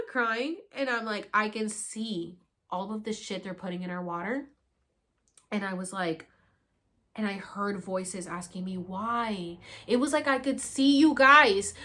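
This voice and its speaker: A young woman vlogger telling a story to camera in a casual, animated way, acting out her own past words with laughing and crying and casual swearing. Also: medium pitch.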